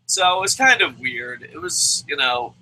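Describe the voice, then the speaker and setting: A young man rants through a wrestling review, sarcastic and swearing nonstop, bursting into shouted mock voices. His voice is slightly high and very bright and cutting. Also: big pitch swings, a little slow, rough recording. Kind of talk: profane comedic rant.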